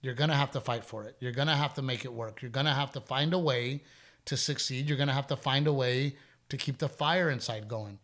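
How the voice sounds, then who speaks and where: Talking a little fast in a medium-pitched, slightly bright voice, this middle-aged podcast host chats candidly and spins stories, circling back to repeat points when he gets emphatic.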